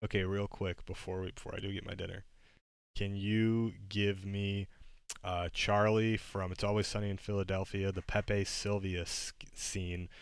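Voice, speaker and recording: A man hosts a livestream in casual chat and speaks hesitantly. His voice is very deep and even, with a smooth, clean tone, recorded close and dry. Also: normal speed, no room sound. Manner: hesitant, full of fillers and restarts. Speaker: streamer host.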